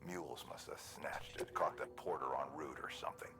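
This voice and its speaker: A deep, wry supply-depot worker. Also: male voice, fairly even intonation, fairly quick, gravelly, music in the background. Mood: wry apologetic. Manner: easygoing, wry, apologetic. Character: weary male delivery-center worker asking a favor. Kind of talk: video game dialogue. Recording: game audio from far off, echoey.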